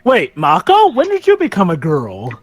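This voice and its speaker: A man in casual gaming chat, excitable and jumping to quick tangents. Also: high voice, dry recording, soft background music.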